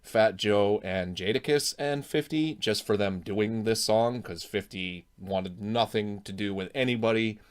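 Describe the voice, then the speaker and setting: A man's voice: fairly low pitch, unhurried, hardly any pauses, clean tone. A man hosting a casual reaction video, chatting at length and explaining music history. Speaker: host.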